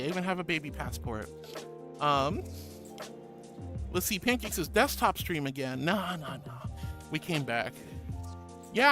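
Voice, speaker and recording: A woman with an American accent streaming live, reading chat aloud in a sweet, doting, giggly way. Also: low voice. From born in Australia, raised in the US. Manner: sweet, doting, calls viewers sweetie and honey; giggly and bubbly. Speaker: VTuber streamer. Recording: background music under the voice.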